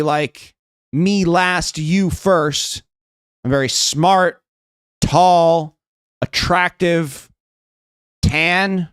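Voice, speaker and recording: A man's voice: on the high side, a bit bright, no echo, studio quality. An American man rehearsing stand-up on a live stream, rambling and self-mocking and starting his lines over again and again. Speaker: streamer trying out stand-up jokes.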